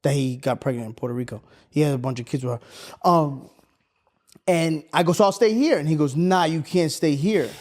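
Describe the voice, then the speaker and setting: A man's voice: on the high side, moderate pace, a little mellow. A young man, a podcast co-host telling a story in casual chat, acting out the quotes and swearing freely.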